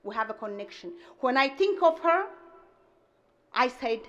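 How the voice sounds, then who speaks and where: A woman giving a commencement speech, telling personal stories in non-native English and acting out dialogue with lively energy. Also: sits high, measured pace, muffled recording. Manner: animated, acts out family dialogue. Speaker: commencement speaker. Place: graduation ceremony.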